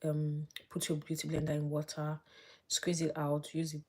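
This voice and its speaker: A woman vlogger chatting casually as she does her makeup live, thinking aloud and dropping to soft murmurs while she works. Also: sits low, monotone, moderate pace. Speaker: beauty vlogger.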